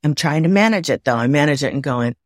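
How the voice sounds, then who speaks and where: A woman from the Midwest of the United States, a guest on a video call, telling lively anecdotes and acting out her own inner voice. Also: sits low, fast, no room sound, studio quality. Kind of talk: conversational storytelling. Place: home, indoors.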